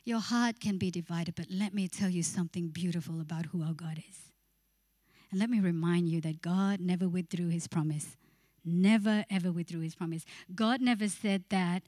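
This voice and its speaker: A woman preacher with a fairly low, dark voice speaks at normal speed, delivering a passionate church sermon to her congregation. She acts out inner voices and briefly breaks into song, all on a dry, clean studio recording.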